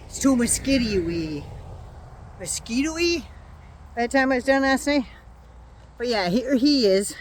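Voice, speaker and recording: A woman's voice: a little high, expressive, moderate pace. An older woman vlogging outdoors in her yard, talking to a phone or camera held at arm's length in a sarcastic, mocking casual rant.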